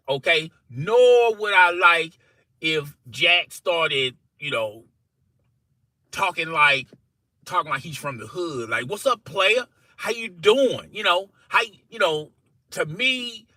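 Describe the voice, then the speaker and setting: A man telling a funny workplace story to camera in an animated, conversational way, often checking in with "okay?" and "you know". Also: a little high, no echo, rough recording. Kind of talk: casual story told to camera.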